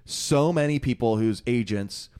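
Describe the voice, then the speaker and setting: A man's voice: mid-range voice, unhurried, darkish tone, smooth. A man co-hosting a podcast in casual chat, rambling and laughing often. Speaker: podcast co-host.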